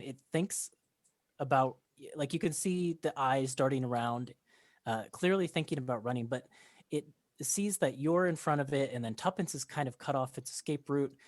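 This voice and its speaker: A woman's voice: a bass voice, darkish tone, no echo. A woman narrating as game master in a chatty, giggly way, with many fillers.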